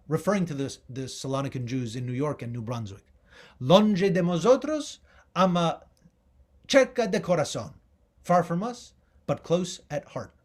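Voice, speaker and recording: Animated, high-voiced male lecturer. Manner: animated, emphatic, rising on key words. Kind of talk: public history lecture with slides.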